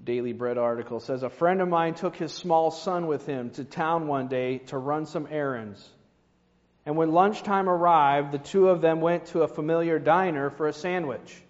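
Here a fairly high-pitched man speaks at a normal speed while delivering a sermon in a conversational style. He addresses the congregation with rhetorical asides, and the hall recording is dull and reverberant.

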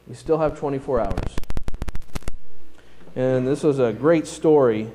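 A man's voice: mid-range voice, unhurried, warm tone, a little hiss or hum, poor audio. A male pastor preaching a sermon in a plain-spoken, self-deprecating storytelling manner.

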